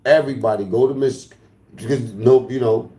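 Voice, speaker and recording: Mellow-voiced man taunting his chat. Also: mid-range voice, steady tone, moderate pace, echoey room, a little hiss or hum. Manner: taunting, profane, trash-talking. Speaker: livestreamer. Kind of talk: casual livestream talk to chat.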